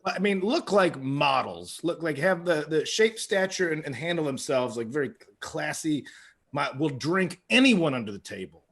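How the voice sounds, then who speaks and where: Bright-voiced man telling rambling stories. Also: fairly high pitch, very animated, normal speed. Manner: rambling storyteller, laughs through his own stories. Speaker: podcast co-host. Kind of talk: casual comedy podcast chat.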